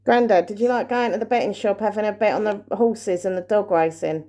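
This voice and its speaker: Nervous woman hushed on a ghost hunt. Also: medium pitch, fairly quick. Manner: hushed, nervous, asking questions into the dark. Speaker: paranormal vlogger. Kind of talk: ghost-hunting session vlog.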